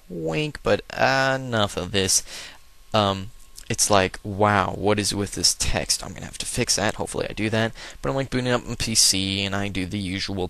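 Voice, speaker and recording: A man's voice: fairly low pitch, vocal fry, bright, forceful tone, no room sound. A man giving casual, rambling and joking commentary over a video game he plays. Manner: rambling, joking, lots of fillers. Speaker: let's play host.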